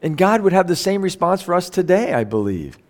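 A man's voice: high-pitched, very animated, a little fast, a little mellow. A middle-aged man preaching a sermon, reading scripture aloud and explaining it in a conversational way with many rhetorical questions. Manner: conversational, asks rhetorical questions, self-corrects while reading. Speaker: pastor.

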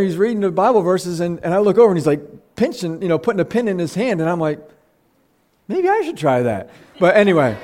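A man's voice: sits high, a little mellow. A man preaching a conversational sermon, earnest and close to tears, often restarting his sentences. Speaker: pastor.

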